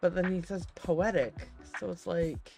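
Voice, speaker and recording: A woman's voice: lowish voice, a little slow, creaky, dark tone, faint music behind. A woman streamer playing a game, chatty and hesitant as she thinks aloud and reads game text. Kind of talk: let's-play commentary and reading game text.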